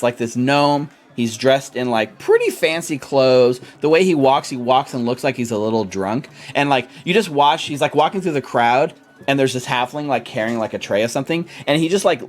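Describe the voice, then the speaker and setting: A man narrating as game master, loose and chatty with lots of fillers. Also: mid-range voice.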